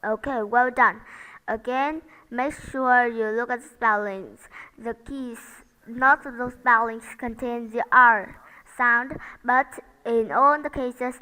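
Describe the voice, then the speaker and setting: A woman's voice: a little high, bright, forceful tone, clean tone, in a large hall, rough recording. A woman teaching English pronunciation, modeling each sound carefully and asking learners to repeat after her. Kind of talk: slow, careful pronunciation lesson.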